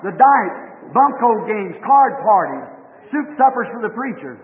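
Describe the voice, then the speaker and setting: A man preaching a fervent sermon, rising to shouts as he tells a parable. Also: high-pitched, very animated, moderate pace. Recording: tinny old recording in a hall.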